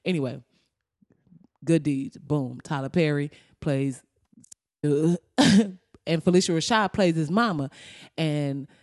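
A woman's voice: low voice, slow pace, long pauses, no echo, studio quality. A woman telling stories in a rambling, profane comedic monologue. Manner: loud, rambling, profane storytelling with frequent laughs.

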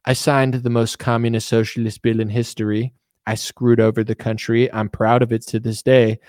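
Man doing boastful politician, rambling, bragging, insulting, dry close sound, mid pitch. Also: flat delivery, normal speed, a little mellow, no room sound, close to an everyday voice. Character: impression of a boastful male politician.

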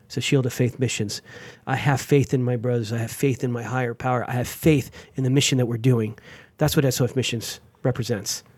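A man, a veteran guest on an interview show, telling his story with energy and sudden jumps in pitch. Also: steady tone, fairly quick, few pauses, a little mellow, breathy edge, dry recording. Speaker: guest, veteran and nonprofit founder.

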